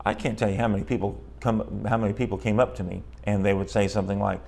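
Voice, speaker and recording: A man preaches in a relaxed, conversational way, as if talking with his listeners. His voice sits a little low, and he acts out the voices of people he quotes. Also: fast talker, vocal fry, few pauses. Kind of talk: sermon.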